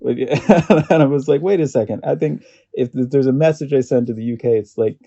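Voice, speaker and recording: An American man talking as a podcast guest in casual chat, rambling and halting, often stopping to restart his sentences. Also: medium pitch, creaky, mellow, lo-fi sound. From United States.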